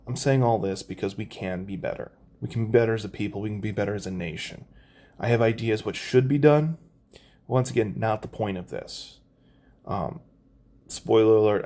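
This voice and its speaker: A man with a fairly low voice speaks straight to his camera at home, earnest and a bit rambling. He restarts his sentences often and fills the gaps with ums. He is making a heartfelt personal plea. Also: a little mellow. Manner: earnest, rambling, with frequent ums and self-corrections. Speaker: vlogger. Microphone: phone or camera mic, adjusting it while talking.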